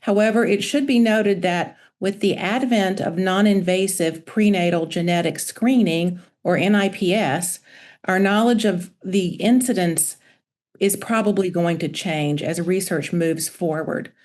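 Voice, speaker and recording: A woman pediatrician presenting a medical webinar lecture over a video call in a measured, informative way. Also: on the low side, a little mellow. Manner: measured, informative, reading from slides.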